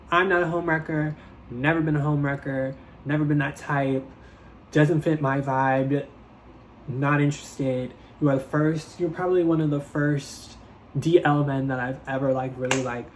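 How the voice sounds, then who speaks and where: A man's voice: a little hiss or hum, poor audio. A young man telling a story on his vlog, chatty and dramatic, leaning on "like" and swearing freely. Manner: dramatic, switches into playful higher voices when quoting people. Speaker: vlogger.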